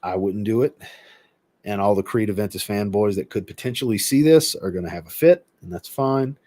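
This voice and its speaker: A man hosting a livestream and chatting casually, reading viewer comments aloud and answering them in a relaxed, rambling way. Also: fairly low pitch, brisk, dry recording. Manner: relaxed, rambling, with filler words. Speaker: host.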